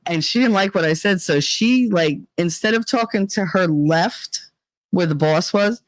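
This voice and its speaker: A woman's voice: lowish voice, measured pace, dry recording, poor audio. A woman hosting a casual talk show, telling a story in a blunt, profane, swaggering way. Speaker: podcast host.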